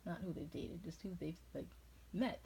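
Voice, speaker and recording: A woman's voice: lowish voice, normal speed, gravelly, warm tone, slight background noise, rough recording. A woman from New England rambling through tangents in a casual chat. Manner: rambling, jumps between tangents.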